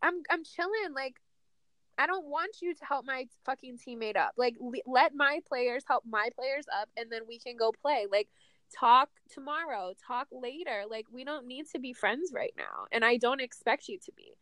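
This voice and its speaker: A woman's voice: sits high, moderate pace, fairly bright tone, dry recording. A woman co-hosting a casual sports chat, talking in a profane, emphatic and petty way. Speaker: podcast co-host.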